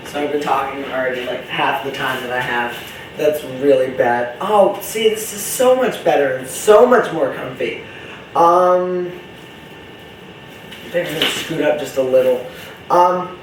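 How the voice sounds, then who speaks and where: A man's voice: fairly high pitch, distant mic, slight background noise. A young man rambling in a casual vlog monologue, chatty, campy and profane, jumping between topics. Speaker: vlogger. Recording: roomy echo, voice from off-mic.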